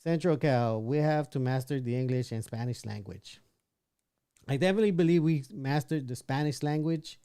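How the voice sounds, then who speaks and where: A man's voice: mid-range voice, lively intonation, normal speed, warm tone, clear, resonant tone, no room sound, clean studio sound. Opinionated man hosting a livestream. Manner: opinionated, reads chat aloud, frequent restarts. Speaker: livestream podcast host. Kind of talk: casual livestream commentary reading chat.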